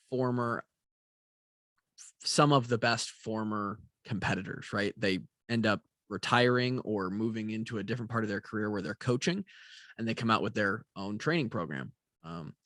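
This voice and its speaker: A man's voice: lowish voice, a bit bright, no room sound. A tired young man rambling casually in a vlog, with lots of fillers and casual swearing. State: tired, yawning. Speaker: vlogger. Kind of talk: casual talking-head vlog.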